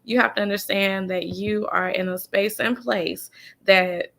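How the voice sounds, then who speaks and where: Woman coach, faith-driven pep talk, folksy and preachy, slight fry in the voice. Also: medium pitch, steady tone, measured pace, fairly bright tone. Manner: preachy, emphatic, repeats key phrases; folksy, addresses listeners as y'all and honey. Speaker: business coach and author. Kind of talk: faith-based motivational talk.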